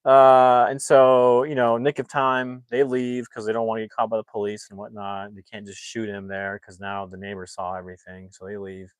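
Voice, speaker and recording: A man's voice: on the low side, a little fast, hardly any pauses, clear, resonant tone, no echo. A man hosting a livestream, casually retelling a film's plot in a rambling way with many restarts and acting out the characters' lines. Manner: animated, acts out the characters' lines. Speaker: movie reviewer and livestream host.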